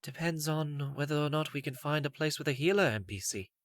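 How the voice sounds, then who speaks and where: A woman's voice: low voice, fairly quick, dry recording, clean studio sound, close to an everyday voice. A woman voicing a blunt young male mage healer in an audiobook, speaking in a matter-of-fact way. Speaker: voice actor. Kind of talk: audiobook character voice.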